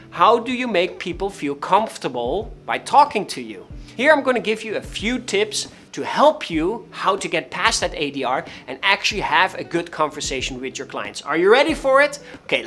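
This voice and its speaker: A man coaching real estate agents on cold calling, animated and emphatic, who repeats his key points. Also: sits high, moderate pace, faint music behind. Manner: acts out callers' voices. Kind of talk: instructional talk to camera.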